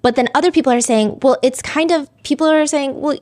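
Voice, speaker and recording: A woman's voice: high-pitched, fairly quick, darkish tone. A woman hosting true crime commentary in a casual, chatty way, full of "like" fillers. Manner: chatty, frequent "like" fillers, reads lyrics aloud.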